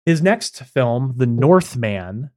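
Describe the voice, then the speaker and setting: A man's voice: mid-range voice, very animated, takes it slowly, a little mellow. A man co-hosting a podcast in casual chat, opinionated and blunt, with lots of "like" and "um" fillers. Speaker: podcast co-host.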